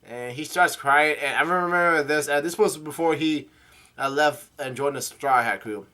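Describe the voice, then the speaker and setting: A man host reads through a comic chapter in a casual, halting way. He trips over names and adds his own asides, and his voice is bright and forceful. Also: fairly high pitch. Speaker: manga reader and channel host.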